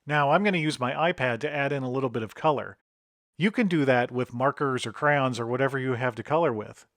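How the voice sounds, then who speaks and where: A man's voice: mid-range voice, brisk, fairly bright tone, no room sound. A middle-aged man, an author and illustrator, leading a step-by-step drawing tutorial. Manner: step-by-step instructive.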